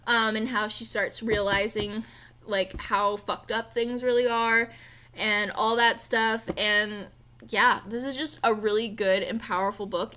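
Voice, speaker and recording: A young book vlogger chats casually about books she has read, gushing and playful with plenty of fillers. Her voice is fairly high, pushed and bright.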